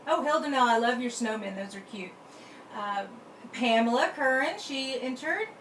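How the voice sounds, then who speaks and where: Woman, chatty live-stream host, slightly high voice, echoey room, faint noise. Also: lively intonation, moderate pace, fairly bright tone. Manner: chatty, talks to herself while working the computer. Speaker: card-making channel host. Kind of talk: casual live stream chat.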